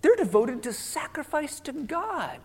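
Casting: man doing a boastful, excuse-making King Saul; lively pitch, long hall echo. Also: unhurried, exaggerated voice. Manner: pleading, defensive excuses. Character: self-justifying biblical king Saul, boastful.

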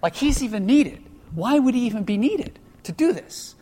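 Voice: medium pitch, big pitch swings, normal speed, mellow. A Bible study teacher explaining a passage in an informal, conversational way, thinking aloud with asides. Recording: long reverb of a large hall.

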